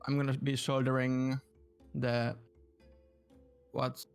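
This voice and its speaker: A man playing a tabletop game, negotiating in halting, self-correcting sentences. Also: mid-range voice, monotone, vocal fry, smooth, faint music behind. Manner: hesitant, restarting often. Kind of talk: casual chat.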